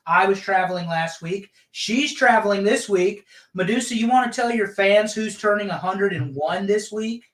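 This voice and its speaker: A man's voice: high voice, moderate pace, hardly any pauses, a bit bright. A man hosting a casual live stream, introducing guests and keeping up friendly banter. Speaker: host. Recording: roomy live stream audio.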